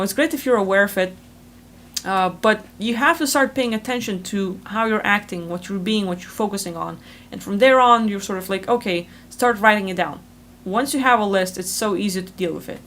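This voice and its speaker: A woman hosting a spiritual channel, talking fast and rambling in a casual explanatory monologue full of fillers, recorded over a video call. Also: mid-range voice, a little hiss or hum.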